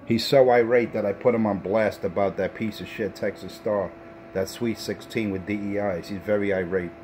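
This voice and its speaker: A man's voice: fairly low pitch, fairly even intonation, normal speed, darkish tone, soft background music. A man trash-talking over the radio, taunting and repeating himself, with plenty of profanity. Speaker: CB radio talker.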